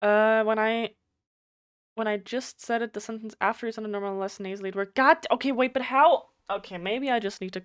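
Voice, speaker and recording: A woman's voice: mid-range voice, moderate pace, fairly bright tone, dry recording, clean studio sound. Chatty streamer woman with a German accent. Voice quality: slightly nasal. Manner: chatty, blunt, swears freely. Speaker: game streamer. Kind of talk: casual live stream chat.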